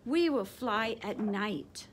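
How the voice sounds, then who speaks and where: A woman voicing a gentle, curious young female fruit bat in a storybook reading, with a squeaky, eager manner. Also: animated, slow, slight background noise.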